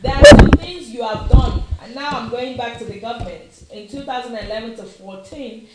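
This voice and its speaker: A woman's voice: fairly high pitch, moderate pace. A middle-aged Nigerian woman with a Nigerian accent, giving an impassioned opinion talk with emphatic repeated questions. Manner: emphatic, repeats questions, slips into Yoruba phrases. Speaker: commentator. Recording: very echoey room, faint noise.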